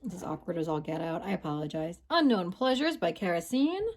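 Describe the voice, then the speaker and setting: A woman's voice: on the low side, big pitch swings, a little fast, noisy background. Chatty, slightly breathless woman vlogger. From United States. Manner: chatty, self-correcting, stumbles over names. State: a bit out of breath. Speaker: perfume vlogger. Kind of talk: casual vlog ranking. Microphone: handheld phone gimbal.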